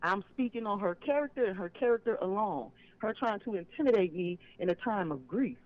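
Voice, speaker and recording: A man with a notably high voice calls in over a dull, lo-fi phone line. He tells his story emphatically and with a clear sense of grievance, pressing each point home. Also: expressive, brisk. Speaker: caller. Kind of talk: phone-in call on a live stream.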